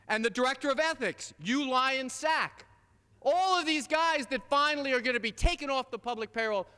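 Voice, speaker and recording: A man's voice: very high-pitched, sharp tone, smooth, long reverb tail. A man, a congressman, giving a sarcastic, mock-relieved floor speech in a legislative chamber.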